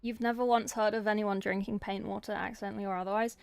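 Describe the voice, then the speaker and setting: A woman's voice: mid-range voice, flat delivery, fast talker, creaky, darkish tone, clear, resonant tone. A young woman painting miniatures on a livestream, chatting casually and answering viewer chat as she works. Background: faint background music.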